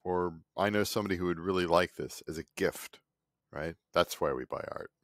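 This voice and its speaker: An artist vlogger in his fifties rambles in a cranky, sarcastic casual monologue from his home studio, mocking other people. His voice is low, fairly quick and fairly bright, with a dry, studio-quality recording.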